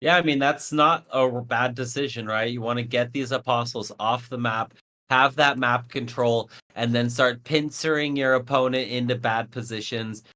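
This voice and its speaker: A man's voice: mid-range voice, steady tone, normal speed, pushed and bright. Young male co-caster, worn out late at night, dry teasing analysis, mid-range voice. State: tired. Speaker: esports co-caster. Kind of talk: live esports commentary.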